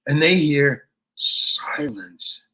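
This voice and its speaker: An older man, a guest actor telling a rambling story in an interview, with restarts that break into animated ranting. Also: on the high side, very slow, breathy edge.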